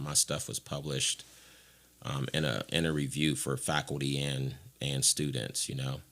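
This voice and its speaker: A man from Ohio with an extremely low, deep voice tells his own story as a podcast guest. He talks frankly and rambles, and he slips into voicing the people in the story. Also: bright, forceful tone. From Ohio, USA. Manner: frank, rambling, acts out what others said. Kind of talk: candid personal storytelling.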